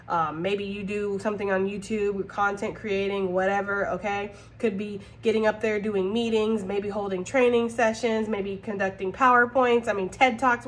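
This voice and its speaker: Blunt, profane tarot reader woman. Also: mid-range voice. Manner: blunt, profane, talks straight to viewers with frequent "okay?"; animated, laughs often. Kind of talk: casual tarot reading monologue.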